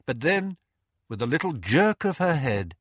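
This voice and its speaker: Slow, highly expressive male storyteller. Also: dry recording, studio quality. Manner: highly expressive, theatrical reading. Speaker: audiobook narrator. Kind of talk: storybook narration.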